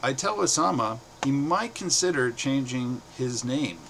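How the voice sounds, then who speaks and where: A middle-aged man from the United States reads his own short stories aloud, with a bright, forceful tone at a middling pitch. He keeps a plain, steady delivery and pauses briefly between phrases. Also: creaky, slight background noise.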